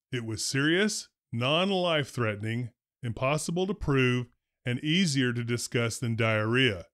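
Man, principal storyteller, wry deadpan humor, steady mid-pitched voice, dry close sound. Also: no room sound. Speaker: retired school principal telling stories. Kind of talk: first-person storytelling narration.

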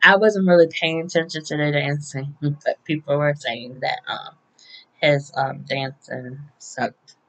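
A woman's voice: deep voice, fairly even intonation, a little slow, rough recording. A woman casually recapping a week of soap opera episodes, chatty and often laughing, with occasional swearing.

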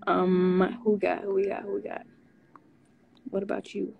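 A young woman hosting a casual livestream, soft-spoken and laid-back, giggling now and then as she chats into her phone. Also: medium pitch, completely flat delivery, unhurried, vocal fry, dull audio, slight background noise. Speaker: livestream host. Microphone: phone held close.

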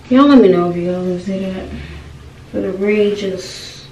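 With a medium pitch, warm tone and animated delivery at a measured pace, a young beauty vlogger walks through a casual hair tutorial. She's chatty and keeps asking viewers "y'all" questions, and the muffled recording sounds roomy and distant with faint noise.

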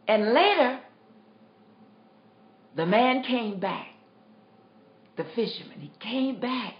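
A woman giving an inspirational talk, repeating her exhortations emphatically and telling stories. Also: sits high. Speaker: inspirational speaker. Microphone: tablet. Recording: roomy, dull lo-fi livestream.

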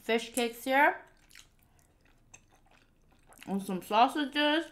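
Playful woman vlog host, bright tone, lively pitch, eats on a close mic. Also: drawn-out words. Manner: chatty, playful, cutesy meowing. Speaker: mukbang host. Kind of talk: casual eating vlog. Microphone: close mic picking up eating sounds.

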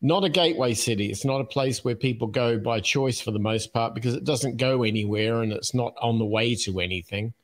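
An Australian man in his fifties, a podcast guest telling his life story in an unhurried way, with plenty of ums and uhs and easy chuckles. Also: mid-range voice. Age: 50s. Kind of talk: casual storytelling interview.

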